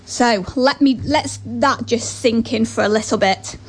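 A woman's voice: a little high, unhurried. A woman giving an earnest motivational talk and telling a story, with chatty asides.

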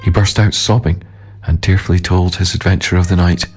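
A man narrating a storybook tale in a measured, solemn way, with a husky voice. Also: low voice, flat delivery.

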